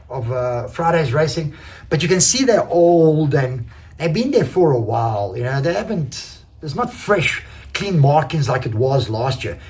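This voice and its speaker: A man, an enduro racer casually recounting a race, animated, swearing freely and acting out quoted exchanges. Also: fairly high pitch. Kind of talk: casual race recap storytelling.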